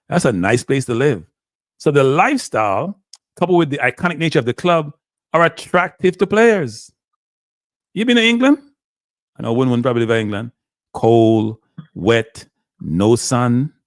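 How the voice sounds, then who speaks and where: A man hosting a casual football talk show, asking animated rhetorical questions and talking with Jamaican-tinged phrasing. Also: mid-range voice, dry recording, clean studio sound. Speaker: show host.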